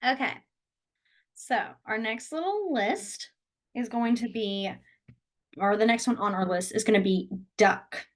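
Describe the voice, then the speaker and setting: A woman's voice: on the high side, measured pace, pauses often. A woman teaching a beginner sign language class over a video call from a small room, explaining step by step in a chatty way and laughing often.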